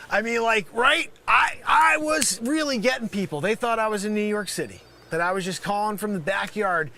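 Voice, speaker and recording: A brash male scam caller who shouts insults and then drops to a mutter, played by a man in a comedy sketch. His voice sits very high and lively, swooping up and down. The tone is bright and cutting, with faint hiss underneath. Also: full character voice. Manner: yelling, insulting, swings from loud to mumbled.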